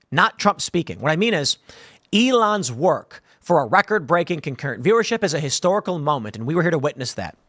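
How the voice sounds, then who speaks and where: A man's voice: a little high, a bit bright, no echo, studio quality. A man, giving opinionated news commentary with combative, sarcastic asides.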